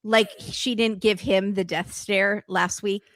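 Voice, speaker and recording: A woman hosting a podcast, recapping a reality show in casual chat with quick sarcastic asides. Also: mid-range voice, steady tone, a bit bright, no room sound. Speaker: podcast host.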